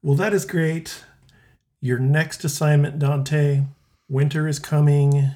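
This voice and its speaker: A man's voice: on the high side, fairly even intonation, takes it slowly, dark tone. Easygoing podcast host man. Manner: easygoing, chuckles often. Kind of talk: casual chat.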